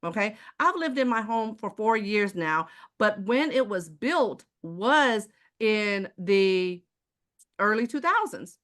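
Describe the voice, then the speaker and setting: A woman's voice: medium pitch, big pitch swings, takes it slowly, a bit bright. A woman from Houston with a Texan accent, giving a sales presentation to a live chat audience and asking the audience rhetorical questions in a preachy way. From Houston, Texas. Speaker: water filter seller.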